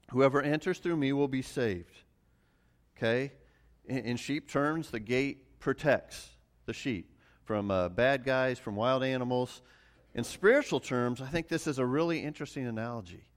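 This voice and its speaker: A middle-aged man preaching a relaxed sermon, mixing farm stories with scripture in a conversational, self-deprecating way. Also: mid-range voice. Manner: conversational, many restarts and fillers, chuckles at himself. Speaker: pastor. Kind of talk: casual sermon with personal stories.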